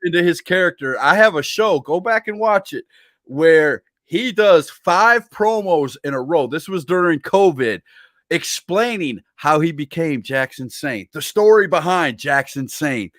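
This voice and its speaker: A man's voice: fairly high pitch, animated, measured pace, a bit bright, dry recording. Enthusiastic male show host, dry sound. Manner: enthusiastic, emphatic. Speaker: host of an online wrestling talk show. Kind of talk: live show chat, reading out comments.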